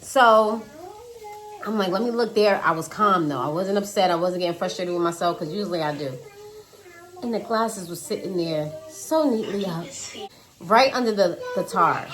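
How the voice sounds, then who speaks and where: A woman in her thirties telling a casual storytime about her day, dramatic and animated, talking to viewers as "y'all" while cooking at home. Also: mid-range voice, normal speed, a little hiss or hum. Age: 30s. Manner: animated, dramatic retelling with quoted voices. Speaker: vlogger. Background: child singing in the background.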